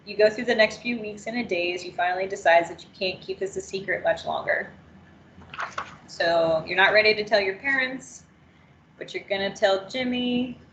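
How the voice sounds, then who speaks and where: A woman trainer reading an interactive story aloud in the second person, steady and unhurried. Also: medium pitch, roomy sound, dull audio, slight background noise.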